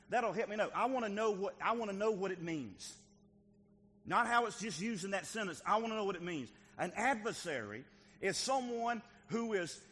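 A male pastor preaching a sermon to his church, moving from quiet teaching to shouted exhortation. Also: high-pitched, breathy edge, big-room sound.

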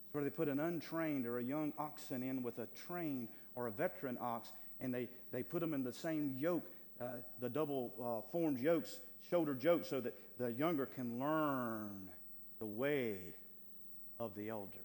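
A male pastor preaching a sermon with fervor, swinging between loud, stretched lines and hushed asides. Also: mid-range voice, moderate pace. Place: church sanctuary. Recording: long hall reverb, faint hum.

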